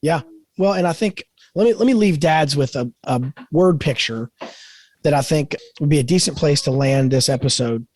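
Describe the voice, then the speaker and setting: On this faith-based podcast, a middle-aged co-host with a slightly high voice speaks at normal speed, and there is no room sound. He earnestly and animatedly shares stories about growing as a father, acting out quoted voices.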